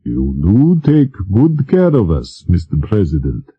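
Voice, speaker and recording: A man's voice: fairly low pitch, wildly swooping pitch, a little slow, breathy edge, highs cut off, full character voice. A man doing a dry-witted desert king. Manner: dry, mock-serious.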